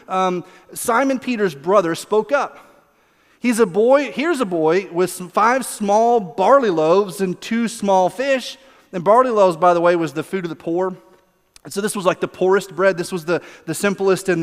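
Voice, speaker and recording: A man preaches in a relaxed, conversational way. His voice sits high for a man, and he keeps it lively by laughing often and briefly acting out quotes. The church sanctuary around him adds a long, lingering reverb. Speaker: pastor. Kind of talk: sermon.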